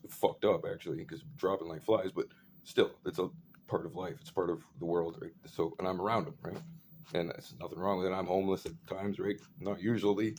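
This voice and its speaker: A man's voice: low-pitched, flat delivery, brisk, darkish tone, a little hiss or hum. A man ranting in a rambling monologue, swearing often and filling gaps with "like" and "right". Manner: profane, rambling, full of fillers.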